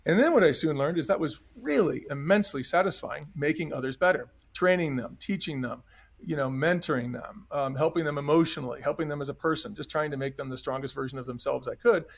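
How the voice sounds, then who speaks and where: Middle-aged guy, quick talker, bit of a gravelly fry, earnest interview storytelling. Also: fairly high pitch. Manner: earnest, emphatic storyteller who acts out dialogue. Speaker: podcast guest, former restaurant chain executive.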